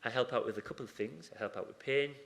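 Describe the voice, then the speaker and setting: A man's voice: mid-range voice, quick pace, gravelly. Chatty man telling hospital anecdotes. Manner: chatty, anecdotal, acts out ward conversations. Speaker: acupuncturist in a hospital surgery team. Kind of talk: conference talk with questions from the floor.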